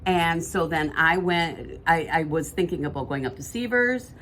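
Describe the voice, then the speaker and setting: A woman with a fairly low voice, talking casually as a podcast co-host. She rambles and corrects herself mid-sentence. A faint hiss of room noise sits under her voice. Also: expressive, moderate pace, a bit bright. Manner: chatty, rambling, self-correcting. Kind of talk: casual chat.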